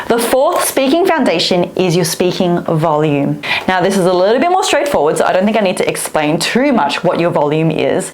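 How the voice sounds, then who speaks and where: A speaking coach in her thirties teaches to camera with a very lively, wide-ranging voice. She swoops high and low to demonstrate her points. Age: 30s.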